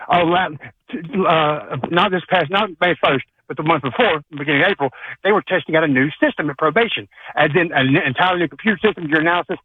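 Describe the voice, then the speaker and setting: A man's voice: on the high side, quick pace, slightly rough, dry recording. A man calling in to a radio show, talking long-windedly in a rambling, joking way over a phone line. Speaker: caller. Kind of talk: rambling call-in chat. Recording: phone line, loud and overdriven.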